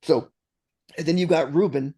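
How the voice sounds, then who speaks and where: A man's voice: fairly high pitch, brisk, creaky, breathy edge. A man co-hosting a casual movie podcast, retelling scenes with laughs and restarts. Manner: animated storytelling with frequent laughs and restarts. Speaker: podcast co-host.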